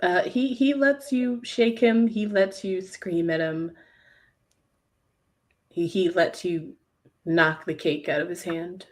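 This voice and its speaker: Slow-talking woman game master. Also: on the low side, fairly even intonation. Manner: slow, measured, with light laughs. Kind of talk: narrating a tabletop game.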